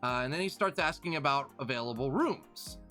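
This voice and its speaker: Animated man telling a stream story. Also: medium pitch, a little fast, faint music behind. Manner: animated, rambling, full of restarts and fillers. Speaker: live streamer. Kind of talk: casual storytelling to a live chat.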